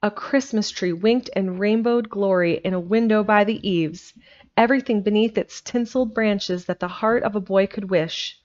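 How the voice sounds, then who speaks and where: A woman narrating an old storybook chapter with a gentle, expressive reading style. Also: mid-range voice, moderate pace. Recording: dull lo-fi home recording.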